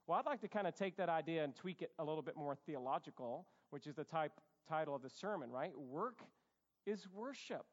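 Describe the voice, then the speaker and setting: A man preaching a sermon as a pastor, animated and conversational. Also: a little high, brisk. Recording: echoey hall, dull sound.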